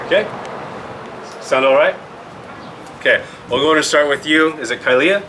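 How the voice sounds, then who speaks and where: A man's voice: fairly high pitch, normal speed, background noise. A man from the Yakima Valley presents to a group indoors. He patiently asks questions and spells words out letter by letter. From Yakima Valley, Washington. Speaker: language presenter. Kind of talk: teaching a group. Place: indoor room at a public museum event.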